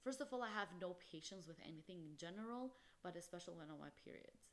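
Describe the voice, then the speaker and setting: A woman's voice: lowish voice, expressive, quick pace. Young woman venting on her podcast. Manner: emphatic, impassioned, peppered with "literally" and "like". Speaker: podcast host. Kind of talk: solo podcast monologue.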